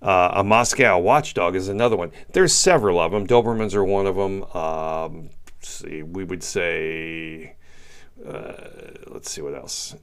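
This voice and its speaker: A man's voice: low-pitched, measured pace, clean tone. A man, middle-aged, giving an opinionated commentary monologue and repeating his points for stress. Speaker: political commentator.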